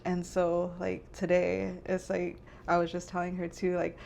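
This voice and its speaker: A woman's voice: on the low side, completely flat delivery, unhurried, vocal fry, darkish tone, a little hiss or hum. Tearful young woman hosting a podcast. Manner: emotional, rambling, many fillers. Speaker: podcast host. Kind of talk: casual chat.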